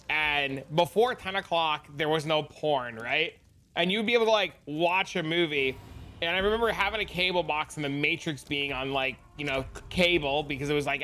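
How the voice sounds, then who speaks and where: A man's voice: fairly high pitch, fairly bright tone, a little hiss or hum. A man streaming a game and telling crude joking stories in casual chat, swearing often.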